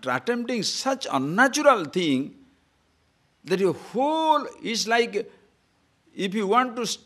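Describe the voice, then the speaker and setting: A man from Odisha with an Odia Indian English accent, giving a spiritual discourse full of stories and rhetorical questions. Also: sits high. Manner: animated, playful, rhetorical questions. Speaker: spiritual teacher.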